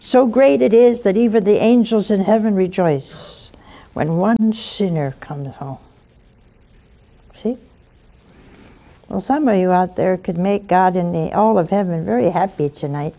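A woman's voice: mid-range voice, unhurried, long pauses, warm tone. A woman hosting a religious call-in show, preaching devotionally and coaxing listeners with intimate questions.

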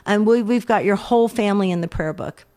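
A middle-aged woman gives earnest advice on a call-in radio program. She speaks gently at a middle pitch and doubles back on words as she reasons. Her tone stays patient and steady. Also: quick pace. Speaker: radio show co-host and counselor.

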